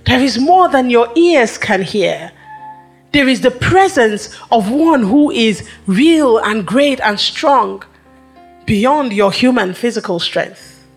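High-voiced woman preaching a sermon. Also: lively intonation, breathy edge, faint music behind. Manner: rhythmic, repetitive phrasing with emphatic pauses.

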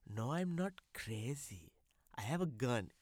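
A man voicing a rambling, stoned middle-aged Indian man with a Gujarati accent who talks in slow, halting mumbles that drift toward a whisper. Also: mid-range voice, sing-song, darkish tone, no room sound. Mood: mumbling. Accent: Gujarati-accented English. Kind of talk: comic sketch.

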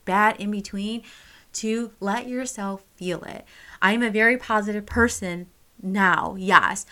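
A woman's voice: mid-range voice, fairly bright tone. A young woman telling a personal story straight to camera, candid and casual, swearing freely and full of fillers. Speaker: vlogger.

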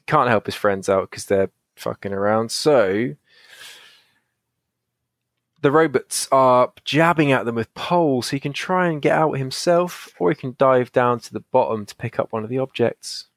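A man hosting a gamebook podcast, chatty and loose, cursing casually and often breaking into laughter. His voice is mid-pitched, close and dry. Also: expressive, moderate pace, no room sound. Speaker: podcast host.

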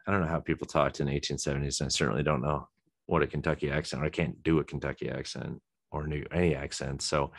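Low-voiced man rambling to himself. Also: dry recording, studio quality. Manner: rambling, chuckling, many ums and restarts. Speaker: podcast host. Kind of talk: casual solo chat.

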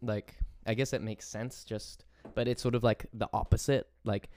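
A man's voice: fairly low pitch, flat delivery, moderate pace, dark tone, no echo. A man chatting casually and easily, tossing in words like dude and man. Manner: laid-back and chatty, says dude and man. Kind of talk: casual conversation.

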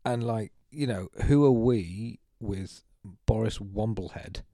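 Man podcast cohost, dark mellow voice, dry sound, rambling self-mocking banter. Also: lowish voice, slow, dry recording. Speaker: podcast co-host. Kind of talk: casual chat.

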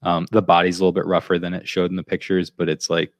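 Man, podcast co-host, casual rambling story, very deep voice, dry close sound. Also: monotone, fast talker, no echo. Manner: rambling storyteller, loops back with "so anyway". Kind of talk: casual chat.

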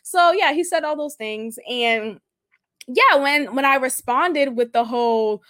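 Emphatic high-voiced woman podcaster. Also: measured pace. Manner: emphatic and animated, keeps asking "right?". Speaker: podcast host. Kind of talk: casual solo podcast monologue.

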